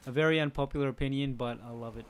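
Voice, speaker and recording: A man's voice: medium pitch, fairly even intonation, rapid-fire, a little hiss or hum. Chatty man commenting on a game. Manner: chatty, talks to viewers, jokes and laughs. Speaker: gaming channel host. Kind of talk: casual let's play commentary.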